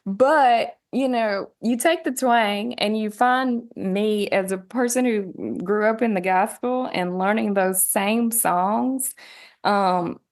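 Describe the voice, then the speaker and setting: A woman from West Tennessee with a Southern twang, a musician telling stories in a relaxed interview chat, often quoting others in animated voices. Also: mid-range voice, slow pace. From West Tennessee, USA. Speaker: guest musician.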